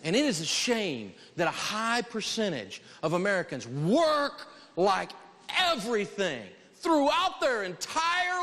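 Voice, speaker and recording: A man teaching a live money lesson to an audience, preachy, rising to shouts for emphasis. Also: high voice. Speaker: financial teacher. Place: large hall with a live audience. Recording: long hall reverb.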